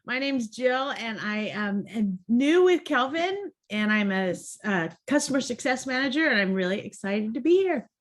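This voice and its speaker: A woman working as a customer success manager, introducing herself on a video call in a cheerful, halting way. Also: fairly high pitch, lively intonation. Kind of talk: casual webinar talk.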